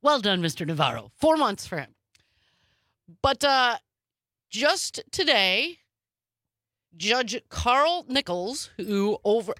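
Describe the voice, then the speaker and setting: A woman co-hosting a podcast, giving casual political commentary in a quick, sarcastic manner. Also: mid-range voice, fairly bright tone, dry recording, studio quality. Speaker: podcast co-host.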